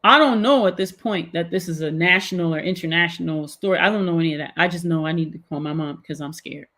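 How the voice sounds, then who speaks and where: A lowish-voiced middle-aged woman talks fast as a guest, animatedly relating a personal story in casual chat. Fillers crop up constantly.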